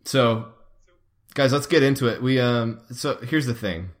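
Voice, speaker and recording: A man's voice: medium pitch, measured pace. A young man hosting a comedy podcast, riffing and joking playfully with his co-hosts. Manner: goofy, laughing, playful riffing. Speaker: podcast host. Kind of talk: casual comedic podcast banter.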